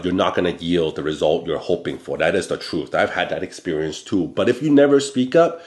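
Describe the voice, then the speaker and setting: A man hosting a talk show, telling a personal work story in a blunt, animated way, often tagging "okay?" onto his points. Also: low voice, reverberant. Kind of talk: casual storytelling monologue.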